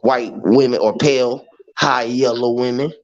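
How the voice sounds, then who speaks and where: A man hosting a casual livestream, rambling loudly and mockingly mimicking greetings. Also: medium pitch, steady tone, a little slow. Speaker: livestream host. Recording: muffled lo-fi audio with faint hiss.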